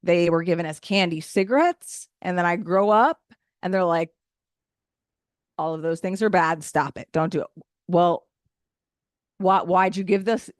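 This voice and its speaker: A woman in her thirties works through a stand-up comedy set with a loud, brash and opinionated delivery. Her pitch sits in an ordinary middle range. The sound is dry and close, with little room around it. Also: no room sound. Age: 30s. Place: event stage.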